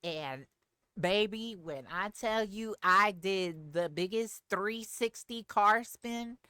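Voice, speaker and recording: A woman streamer telling a story to her live chat in a casual, animated way, laughing often. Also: medium pitch, takes it slowly, smooth, dry recording, studio quality.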